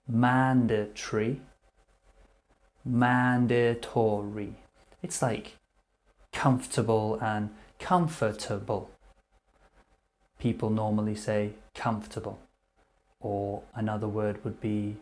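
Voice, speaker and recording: A man teaching English vocabulary, repeating each word slowly and clearly before explaining what it means. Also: lowish voice, darkish tone. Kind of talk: slow vocabulary lesson.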